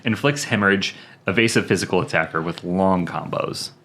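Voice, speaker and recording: A man's voice: deep voice, brisk, a bit bright. A laid-back man co-hosting a gaming podcast, reading game text aloud, swearing casually and stumbling over words. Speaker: podcast co-host.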